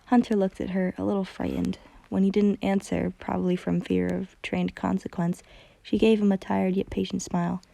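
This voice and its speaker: A woman's voice: mid-range voice, little pitch movement, moderate pace, creaky, dark tone, no echo. A woman reading a fanfiction story aloud, often stumbling over words and correcting herself as she goes. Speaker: fanfiction reader.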